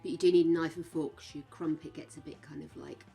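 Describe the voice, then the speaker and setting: A woman's voice: low voice, steady tone, fast, gravelly, dark tone, soft background music. A woman chatting casually with her stream viewers, frank and chatty, swearing now and then. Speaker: game streamer.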